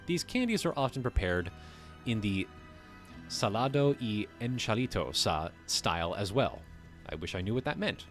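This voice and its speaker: A man with a lowish, slightly bright voice hosts a livestream at normal speed, very animated, with soft music behind him. He reads a text aloud, breaking off now and then to riff on it casually and swearing occasionally.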